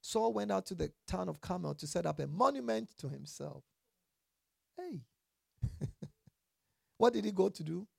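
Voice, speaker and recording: Gravelly, animated preacher. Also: mid-range voice, normal speed, long pauses, no echo, clean studio sound. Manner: asks the congregation questions and answers them; emphatic, building to loud passages. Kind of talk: sermon with Bible reading.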